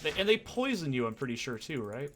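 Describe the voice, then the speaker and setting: A man's voice: mid-range voice, sing-song, fast talker, a little hiss or hum. A young man ranting and swearing through casual commentary on his gameplay, with sarcastic asides. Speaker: let's play host.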